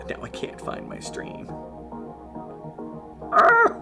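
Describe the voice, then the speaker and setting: A man's voice: lowish voice, normal speed, loud music behind the voice. A man with a strained voice giving livestream commentary on a game, scolding the little colonists on screen and swearing at them. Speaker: game streamer.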